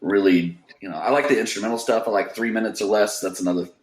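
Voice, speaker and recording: Male musician guest from Kansas, lowish voice, enthusiastic, roomy video-call sound. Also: quick pace. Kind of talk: casual interview chat.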